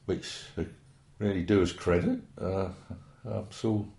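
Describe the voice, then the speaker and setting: A man's voice: low voice, fairly even intonation, takes it slowly, gravelly, darkish tone. A man, reminiscing at length in a rambling, hesitant, folksy way. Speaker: interviewee. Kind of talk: oral history reminiscence. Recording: roomy echo.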